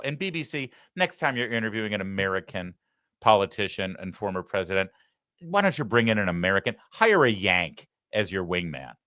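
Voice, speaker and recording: Low-voiced man ranting as a talk host. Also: pushed and bright, no room sound, clean studio sound. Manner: heated, sarcastic, ranting. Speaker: political talk show host. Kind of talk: live opinion commentary.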